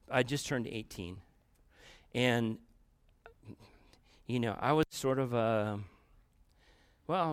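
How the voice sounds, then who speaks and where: A man preaching to a room full of people in an easy, conversational way, with an ordinary mid-range voice. He keeps turning to the audience, dropping to quiet asides and then rising to loud, emphatic bursts. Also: mid-range voice. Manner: conversational, addresses the audience directly. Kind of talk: storytelling sermon.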